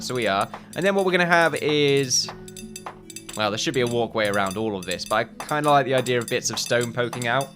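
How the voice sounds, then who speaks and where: A man giving casual gameplay commentary, thinking aloud in a muttering way with sudden loud outbursts. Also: on the low side. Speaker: gaming video host.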